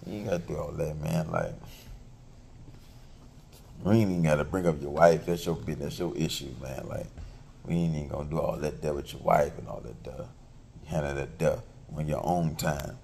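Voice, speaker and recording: A man's voice: rumbling low, brisk, creaky, darkish tone, a little hiss or hum. A man giving casual hip-hop street commentary, taunting and profane, repeating his lines and tagging them with "man.".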